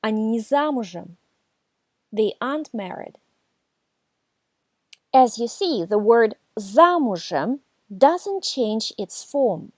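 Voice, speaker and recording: A woman giving a scripted beginner language lesson, reading numbered examples and saying the foreign words slowly and carefully. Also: fairly high pitch, sing-song, no echo, studio quality. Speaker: language teacher.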